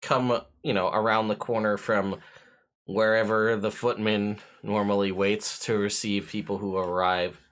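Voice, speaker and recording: A man's voice: lowish voice, little pitch movement, a little slow, fairly bright tone. A man running a tabletop game as game master, describing scenes and asking players questions with many hesitations. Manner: hesitant, full of fillers and restarts while describing scenes.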